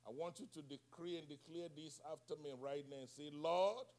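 A male preacher delivering a sermon with call-and-response, moving from hushed, soft passages to shouted climaxes. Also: fairly high pitch, a little fast.

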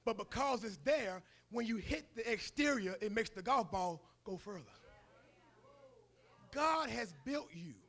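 A man's voice: sits high, lively intonation, a little slow, a bit bright. A male preacher giving a sermon in a colloquial, storytelling manner.

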